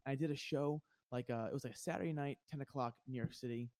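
A young comedian from New Jersey talks casually about his early gigs, restarting his sentences and repeating words. His voice sits at a middle pitch. The recording is close and dry. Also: fairly even intonation, darkish tone, dry recording. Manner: halting, repeats words when starting a thought. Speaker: guest comedian. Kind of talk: casual chat.

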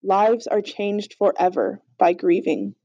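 A woman reading a storybook aloud in a steady, earnest way, on a slightly dull, lo-fi recording. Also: mid-range voice, slow pace, slightly rough, dry recording. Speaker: audiobook reader. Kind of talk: storybook narration.

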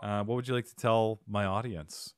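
A playful podcast host talks in a lowish voice, hopping between thanks and goofy bits. The sound is close and dry, with no room around it. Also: male voice, fairly even intonation, normal speed, no echo. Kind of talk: casual podcast chat and outro.

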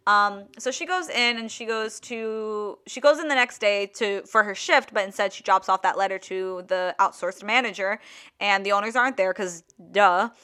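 A woman in her twenties hosting a podcast, telling a story in a casual, animated way with lots of "like". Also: medium pitch, normal speed, clean tone. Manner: chatty, heavy use of "like", animated retelling. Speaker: podcast host.

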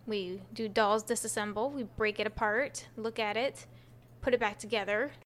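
A woman co-hosting a podcast, relaxed and joking in casual chat. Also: medium pitch, normal speed. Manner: easygoing, joking. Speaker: podcast co-host.

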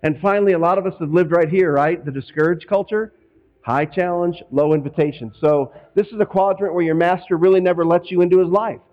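A man's voice: high-pitched, fairly quick, muffled recording. A man preaching as a pastor in a conversational way, from Northwest Indiana, slipping into quoted voices now and then. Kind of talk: sermon.

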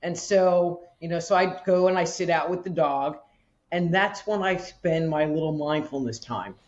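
A woman guest on a podcast who explains her practice in a relaxed way, using everyday examples. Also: on the low side, moderate pace, lo-fi sound. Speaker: guest, energy healer. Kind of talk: casual interview chat.

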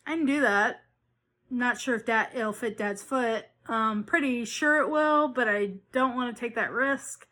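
Chatty, rambling woman with a higher voice. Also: measured pace, pushed and bright. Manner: rambling, chatty, with frequent restarts and self-corrections. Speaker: knitting podcast host. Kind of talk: casual chat.

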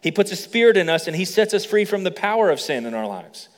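Animated male preacher in a reverberant hall. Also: quick pace. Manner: animated preaching, acts out quoted lines with rising pitch. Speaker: pastor. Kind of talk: sermon. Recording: long reverb of a large hall.

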